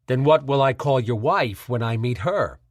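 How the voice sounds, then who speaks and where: A man voicing a scheming middle-aged senator with a smooth New England accent and a patronizing manner. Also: mid-range voice, animated, normal speed, dry recording, studio quality, lightly acted. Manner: smooth, patronizing, slyly mocking.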